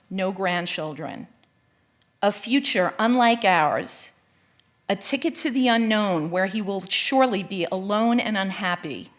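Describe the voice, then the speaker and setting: A middle-aged woman reading her own personal memoir aloud at a live event, in a measured, earnest storytelling voice. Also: medium pitch. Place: college event space, live audience.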